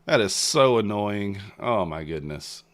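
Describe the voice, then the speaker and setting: A man's voice: fairly low pitch, animated, measured pace, a bit bright. A man giving casual live commentary on his day trading, muttering at the market in frustration. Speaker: day trader streaming live.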